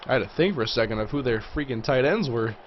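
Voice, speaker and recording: A man hosting a livestream, chatting casually through live gameplay commentary and reacting loudly to big plays. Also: mid-range voice, animated, fast, lo-fi sound, slight background noise. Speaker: livestream host.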